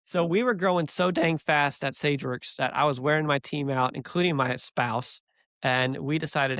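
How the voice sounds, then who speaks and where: A man guesting on a business podcast, telling stories in an animated, energetic way on a close mic. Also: fairly high pitch, moderate pace, no echo. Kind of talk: casual podcast conversation and storytelling.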